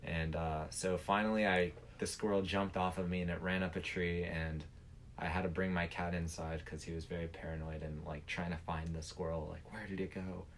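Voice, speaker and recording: A man, a podcast guest, telling a story casually in halting, trailing phrases. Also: low voice, level tone, slight background noise. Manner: halting, trails off mid-sentence.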